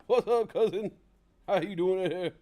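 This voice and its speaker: A man doing a booming jovial comedian. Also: moderate pace, mellow, natural voice. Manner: booming, hearty, repetitive greetings. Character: loud, jovial middle-aged male comedian, greeting everyone.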